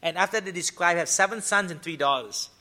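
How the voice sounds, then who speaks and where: Man, chatty preacher, high bright voice, keeps asking "right?". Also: a little fast. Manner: tells everyday stories to make points. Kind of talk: sermon.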